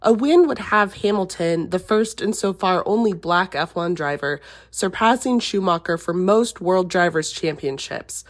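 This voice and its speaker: A woman's voice: on the low side, lively intonation, normal speed, hardly any pauses. A woman producer reading a listener's question aloud, evenly and carefully.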